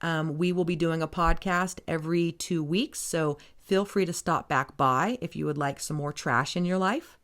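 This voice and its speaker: A woman hosts a casual podcast, recapping a trashy book in a rambling, sarcastic tone. She swears freely and talks in a somewhat low voice. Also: fairly even intonation, moderate pace, few pauses, fairly bright tone. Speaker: podcast host.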